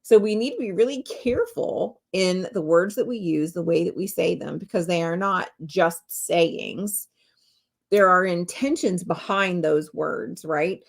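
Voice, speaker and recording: Lowish-voiced middle aged woman on her podcast, chatty, swears a lot, laughs here and there. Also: unhurried, creaky. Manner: chatty and candid, swears freely, laughs often. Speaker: podcast host and spiritual medium. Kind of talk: casual solo podcast talk.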